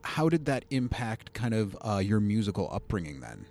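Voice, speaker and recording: A male interviewer with a somewhat low voice and a Cleveland accent asks easygoing questions. He keeps the talk moving with quick, encouraging replies. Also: very animated, darkish tone. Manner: encouraging, frequent short acknowledgements. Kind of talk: conversational interview.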